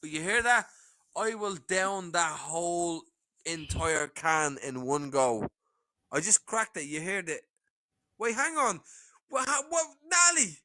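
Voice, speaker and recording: A man's voice: sits high, expressive, slow pace, bright, forceful tone, low-quality recording. A man in his forties chatting casually on a live stream, swearing often and pushing a friend into drinking banter. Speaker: stream guest. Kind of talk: casual chat.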